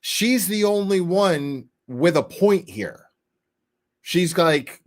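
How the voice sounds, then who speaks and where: A man co-hosting a live stream, giving animated, profane commentary and acting out quotes. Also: high voice, slow. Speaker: stream co-host.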